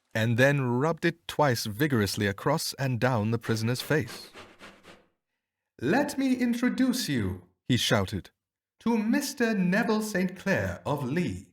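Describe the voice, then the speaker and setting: A man narrating a storybook, expressive and measured, letting his pitch rise and fall freely through each sentence. His voice is close and very dry, with no room sound around it. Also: no room sound. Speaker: audiobook narrator. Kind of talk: scripted audiobook narration.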